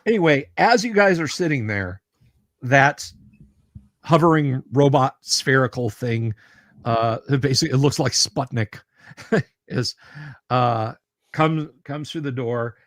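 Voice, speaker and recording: A man's voice: mid-range voice, a little slow, pauses often, dry recording. Stammering male game master, dry sound. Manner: stammering repeats, casual and friendly. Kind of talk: narrating a tabletop game livestream.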